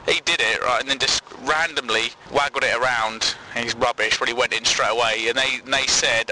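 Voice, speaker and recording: A man's voice: mid-range voice, very animated, normal speed, sharp tone, a little hiss or hum, low-quality recording. A young man delivering a sweary, sarcastic comic rant full of exasperation. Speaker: vlogger.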